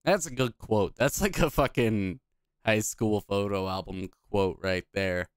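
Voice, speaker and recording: A man's voice: on the low side, a little slow, smooth, no room sound, clean studio sound. A man casually commenting on a video game he is playing, blunt, profane and rambling. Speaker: gaming video host.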